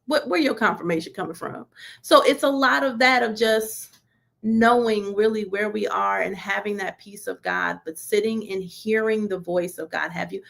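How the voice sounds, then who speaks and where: This woman's mid-range voice carries some vocal fry as she leads a church teaching session. She talks in an informal, colloquial sermon style with relaxed grammar, throwing out rhetorical question after rhetorical question.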